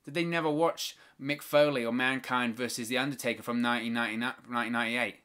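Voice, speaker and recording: A man with a bright, forward voice calls a wrestling match live for his viewers. He narrates each move and breaks into opinionated, exasperated rants about the referees. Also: medium pitch, steady tone, fast talker, clean tone. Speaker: watch-along host.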